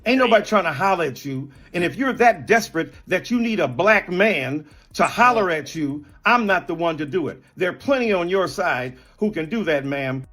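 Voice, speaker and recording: A man's voice: high-pitched, expressive, normal speed, few pauses, fairly bright tone. A man in a heated on-air debate, speaking indignantly and emphatically, stacking up accusations one word after another. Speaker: guest in a televised debate.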